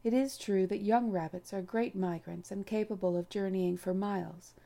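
A woman reading a novel aloud as an audiobook narrator, in a measured, unhurried storytelling manner. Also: medium pitch, fairly even intonation, gravelly, dark tone. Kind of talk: scripted narration.

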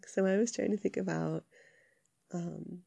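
Sick young woman with a gravelly voice. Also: lowish voice, fairly even intonation, measured pace, dry recording.

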